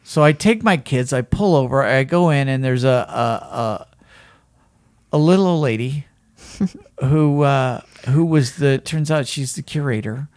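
A man co-hosting a podcast, telling a story in an animated, casual way with lots of fillers and "right?". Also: medium pitch, unhurried, no room sound, studio quality. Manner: animated, keeps asking "right?", frequent fillers. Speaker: podcast co-host.

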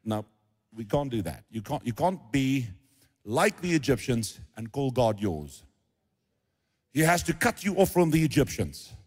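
A man's voice: medium pitch, sing-song, measured pace, a little mellow, husky, in a large hall. A middle-aged man preaching a sermon, acting out the voices of biblical figures as he tells the story. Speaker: pastor.

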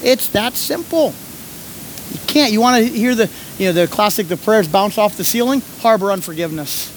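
A man preaching and telling a story, animated, shouting when he acts out scenes. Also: high-pitched, normal speed, slight background noise. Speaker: pastor and coach. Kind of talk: sermon with storytelling.

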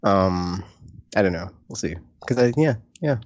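A man's voice: deep voice, lively intonation, measured pace, dry recording. A man hosting a podcast in casual chat, rambling loosely with lots of fillers and restarts. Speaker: podcast host. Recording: dry, slightly dull lo-fi sound.

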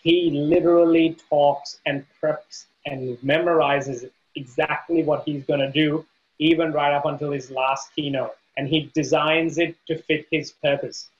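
Podcast co-host, male, emphatic, slightly raised pitch, dull lo-fi audio. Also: steady tone, a little slow. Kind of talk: casual podcast chat.

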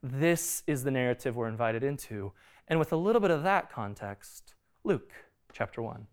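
A man's voice: medium pitch, lively intonation, normal speed, clear, resonant tone. A man in his thirties preaching a sermon in a casual, conversational way, often asking the congregation questions. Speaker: pastor.

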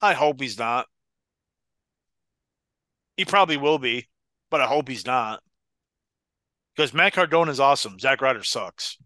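A man's voice: mid-range voice, expressive, a little slow, long pauses, bright, forceful tone, no echo, clean studio sound. A man co-hosting a casual podcast watchalong, argumentative and joking as he talks over a match. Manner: argumentative, joking, breaks into laughter. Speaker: podcast co-host.

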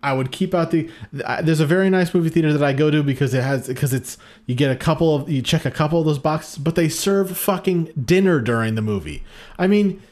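A man's voice: a little high, brisk, a little mellow. A man co-hosting a podcast in casual chat, rambling and swearing freely. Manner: rambling, profane, self-deprecating. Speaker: podcast co-host.

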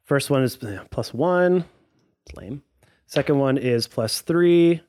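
A man's voice: medium pitch, lively intonation, slow pace, a little mellow, slight background noise. A man playing a tabletop game, counting his dice rolls and damage aloud. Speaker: player.

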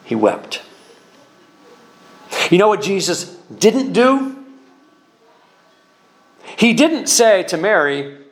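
A man's voice: sits high, very animated, extremely slow, pauses often. A man preaching as a pastor, speaking conversationally with repeated words and emphatic rises. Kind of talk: sermon.

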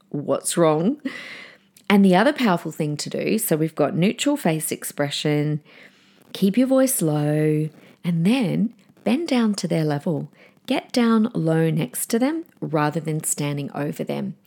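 Earnest woman giving parenting advice. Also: lowish voice. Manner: warm, earnest, gives numbered tips and acts out calm firm lines to children. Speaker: parenting podcast host. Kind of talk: solo podcast advice talk.

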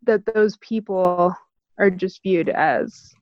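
Slow-talking woman, dry lo-fi sound. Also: fairly low pitch, dry recording. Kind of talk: casual conversational discussion. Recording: dull, dry lo-fi recording.

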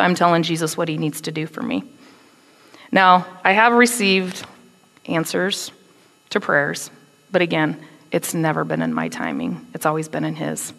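A woman giving a conversational, animated sermon, acting out quotes with attitude. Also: low voice, gravelly, long reverb tail. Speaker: preacher.

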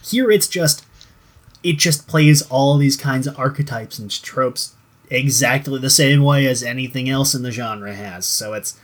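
A man's voice: medium pitch, measured pace. A young man co-hosting a casual chat show, rambling with restarts and plenty of swearing as he reviews a show. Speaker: podcast co-host.

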